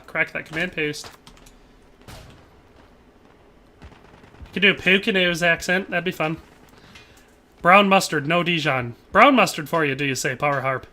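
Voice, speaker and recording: A man's voice: on the high side, sharp tone. A man live-streaming a shooter game, chatting casually and reading viewer comments, rambling and tacking playful tag phrases onto his lines. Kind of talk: casual gameplay commentary while reading chat.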